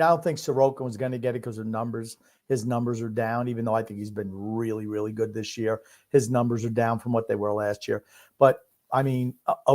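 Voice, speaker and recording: An older man co-hosting a casual sports podcast, giving gruff, teasing, blunt replies. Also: mid-range voice. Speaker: podcast co-host.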